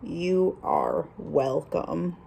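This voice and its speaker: A woman's voice: on the low side, sing-song, very slow, gravelly, a little mellow, slight background noise, voice pushed down, heavily acted. A woman voicing a cheery storybook pig. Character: cheerful, helpful female pig. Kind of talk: storybook read-aloud.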